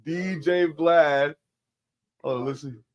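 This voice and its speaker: A man co-hosting a podcast in casual chat, joking and profane in quick banter on a close studio mic. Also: on the high side, fairly even intonation, highs cut off. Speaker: podcast co-host.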